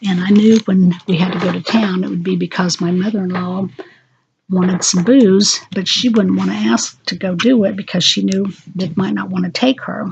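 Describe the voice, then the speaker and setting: An older woman recounting family memories into a home recorder, speaking haltingly with frequent pauses and fillers. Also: mid-range voice, steady tone, gravelly, a little mellow, a little hiss or hum. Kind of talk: unscripted personal memoir. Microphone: handheld voice recorder. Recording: dull lo-fi home recorder audio.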